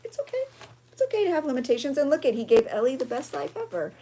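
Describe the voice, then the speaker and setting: A woman's voice: high-pitched, very animated, very fast, warm tone. Chatty, emotional woman craft vlogger. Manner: chatty and emotional, rambling with fillers. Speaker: junk journaling video host. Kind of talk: chatty craft vlog talk.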